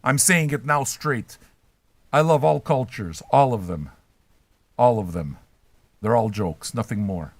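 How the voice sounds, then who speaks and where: A man's voice: medium pitch, unhurried, long pauses, no room sound. An older man hosting a livestream, chatting with his viewers in a profane, trolling, rambling way. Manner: brash, trolling, swears constantly. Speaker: livestream host reacting to chat.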